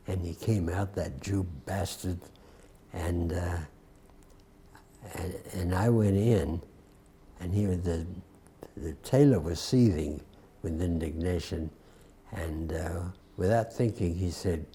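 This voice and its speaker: A man in his nineties from the US South tells his story in a deep, very mellow voice with a soft Southern accent. He takes his time and keeps a dry, wry humor throughout the interview. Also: measured pace, a little hiss or hum. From Atlanta, US South. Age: 90s. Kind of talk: recounting a war memory.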